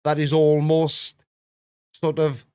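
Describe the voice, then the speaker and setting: A man's voice: slow pace, smooth, no room sound, studio quality. Rambling jokey man in casual chat. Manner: rambling and jokey, lively swings in pitch. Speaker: YouTube reaction host.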